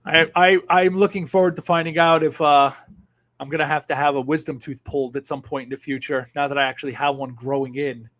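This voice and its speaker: Reading comments on his casual livestream, a fifty-something host sounds sardonic and animated, shifting from low muttering to sudden loud outbursts and cursing freely. His pitch is a little high and his pace a little fast.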